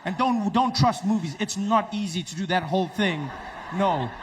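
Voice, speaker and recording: A man telling stand-up comedy stories in an animated way, often jumping into character voices. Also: high voice, moderate pace, slight background noise.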